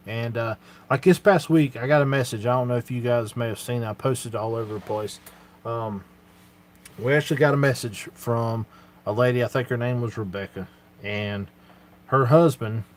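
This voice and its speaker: Earnest man, live Q&A. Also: medium pitch. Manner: earnest, plain-spoken, with many fillers. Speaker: channel host answering viewer questions. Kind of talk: casual live Q&A chat.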